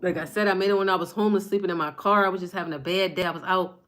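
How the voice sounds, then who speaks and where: A woman's voice: on the low side, fairly even intonation, very fast, fairly bright tone, a little hiss or hum. A woman giving a passionate, fired-up spiritual card reading on her phone from her table at home, repeating lines for emphasis. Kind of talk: live-streamed motivational reading.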